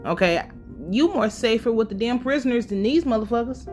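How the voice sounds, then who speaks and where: A woman's voice: a little high, a little fast, a little mellow, soft background music. A woman giving a casual, blunt and profane recap of a TV episode, full of her own opinions. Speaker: show recap host.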